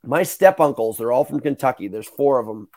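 Young guy podcast host, casual storytelling, swears a lot, does little voices, regular pitch. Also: a little fast. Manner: animated, swearing, acts out quoted voices.

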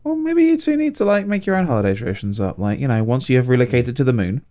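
A man's voice: mid-range voice, sing-song, fast talker, mellow. A man co-hosting a podcast in casual chat, teasing and joking. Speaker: podcast co-host.

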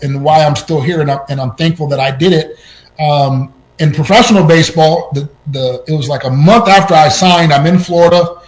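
A man telling personal stories on a podcast in an animated way, his voice jumping up at tense moments, with frequent restarts. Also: fairly high pitch, rough recording. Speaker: podcast guest. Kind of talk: personal storytelling.

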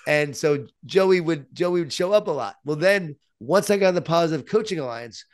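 A man from Long Island with a New York accent, an author telling stories as a guest, animated and self-deprecating. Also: a little high, moderate pace. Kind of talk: storytelling in conversation.

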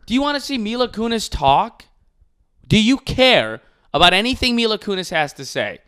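A man's voice: high-pitched, very animated, normal speed, fairly bright tone, smooth. A man, a comedian, hosting a casual podcast chat, ranting with profanity.

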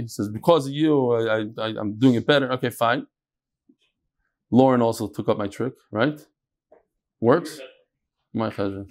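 A man's voice: medium pitch, darkish tone. A man teaching an informal Gemara class, telling stories and explaining with Hebrew and Yiddish terms. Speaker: Talmud teacher.

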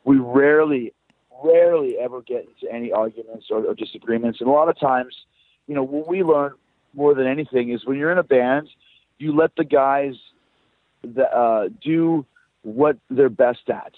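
A man's voice: mid-range voice, normal speed, no room sound. A man, a rock band frontman, chatting loosely as a guest in a phone interview, swearing and storytelling. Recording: tinny dry phone line.

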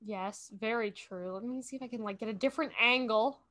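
A woman playing a guessing game, chatting casually and thinking out loud, often correcting herself mid-sentence. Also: a little high, fairly quick. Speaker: game streamer. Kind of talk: casual gameplay chat.

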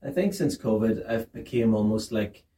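A woman's voice: a bass voice, normal speed, dark tone. A woman co-hosting a podcast, chatting in a laid-back, blunt way with swearing. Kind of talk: casual podcast chat. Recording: roomy sound, distant mic, faint hiss.

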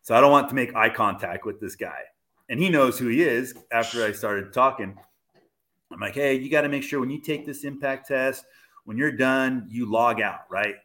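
A man guest telling a story in casual chat, animated and laughing as he goes. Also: mid-range voice, moderate pace. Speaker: podcast guest, medical team member for motocross.

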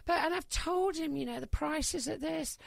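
A higher-pitched woman from Britain chatting on a podcast, lively and quick to laugh, acting out little conversations as she tells stories. Her voice is close and dry, with no room sound. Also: gravelly, no echo. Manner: chatty, laughs often, acts out dialogue. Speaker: podcast guest, business founder. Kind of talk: casual podcast chat.

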